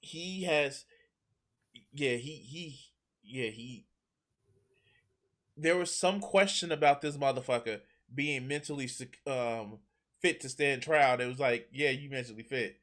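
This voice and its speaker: A man's voice: medium pitch, takes it slowly, fairly bright tone. Laid-back profane male host. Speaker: show host. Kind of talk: casual reaction chat.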